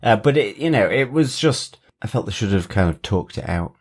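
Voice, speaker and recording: A man's voice: lowish voice, expressive, moderate pace. A man co-hosting a podcast, chipping in briefly and hesitantly. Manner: hesitant, brief agreeing remarks. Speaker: podcast co-host. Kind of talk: casual chat.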